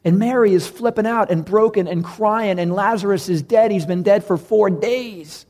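A man preaching a sermon, reading scripture and retelling it with animated bursts of loud emphasis. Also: high voice, moderate pace. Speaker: pastor.

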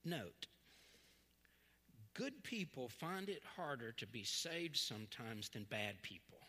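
A middle-aged man preaching a sermon, telling stories and acting out the voices in them. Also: on the high side. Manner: animated storytelling, acts out dialogue. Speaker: pastor. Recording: long hall reverb.

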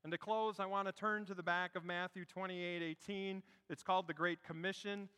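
A male pastor delivers a sermon in a high, bright tone. He shifts between animated storytelling and quiet, hushed emphasis. His voice carries a long reverb, like a church sanctuary. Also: normal speed, smooth. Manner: storytelling preacher, dropping to a hush for emphasis.

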